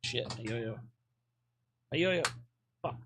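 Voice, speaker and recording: A man's voice: mid-range voice, animated, slow pace, noisy background. A man chatting casually on a live stream, rambling with lots of fillers, swearing often and fidgeting restlessly.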